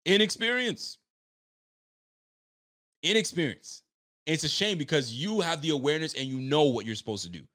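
A man's voice: fairly high pitch, big pitch swings, fast, hardly any pauses, fairly bright tone. A young man hosting a live sports stream, ranting with frustration and swearing freely, sometimes acting out players' voices. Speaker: livestream host. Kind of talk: animated live sports rant.

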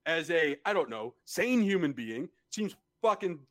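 A man co-hosting a podcast, talking in a blunt, exasperated way and swearing freely. His voice sits a little high for a man, and he keeps it loose and conversational. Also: very animated, unhurried, a bit bright. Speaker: podcast co-host. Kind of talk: casual chat.

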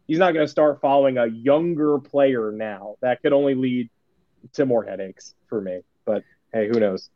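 A man's voice: medium pitch, no room sound. Wry man on a dull, dry recording. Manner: wry, sarcastic, rambling. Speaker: podcast co-host. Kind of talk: casual sports podcast chat.

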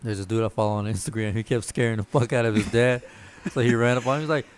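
A man's voice: mid-range voice, steady tone, quick pace, clear, resonant tone. Young man rambling through stories. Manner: rambling, loose storyteller. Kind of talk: casual chat.

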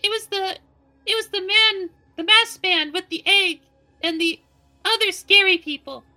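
A man voicing an excitable little kobold creature in broken, squeaky speech. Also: unhurried, heavily acted, low-quality recording. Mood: excited.

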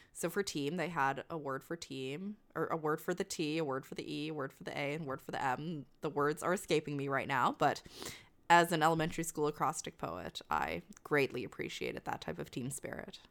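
A woman with a low voice that still swings widely in pitch, chatting casually as a co-host. She is bubbly and laughs often. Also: fairly bright tone. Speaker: podcast co-host. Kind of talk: casual chat about figure skating.

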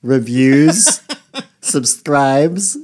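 A man's voice: mid-range voice, lively intonation, drawn-out words, a little mellow. A man co-hosting a podcast in casual chat, making dry, wry jokes. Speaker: podcast co-host and band member.

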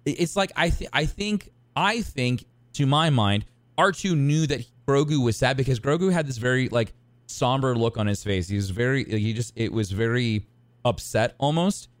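A man co-hosting a podcast, talking excitedly in a casual, rambling way, with lots of restarts and fillers. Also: mid-range voice, normal speed, no room sound. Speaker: podcast co-host. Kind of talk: casual chat.

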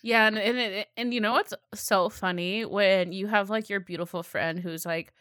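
A woman's voice: mid-range voice, fairly even intonation, normal speed, a bit bright, no echo, clean studio sound. A woman co-hosting a podcast in casual chat, telling stories sarcastically and acting out quotes. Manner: storytelling, sarcastic, acts out quotes. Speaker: podcast co-host.

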